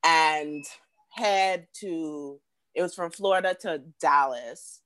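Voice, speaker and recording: A woman from the Bahamas, a guest telling a personal story in casual chat, lively and repeating words as she acts out what people said. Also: low-pitched, takes it slowly.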